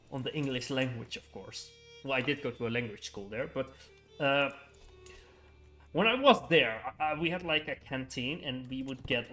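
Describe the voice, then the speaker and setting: A man's voice: mid-range voice, a bit bright. A young man chatting casually on a gaming livestream, rambling with frequent chuckles and filler words.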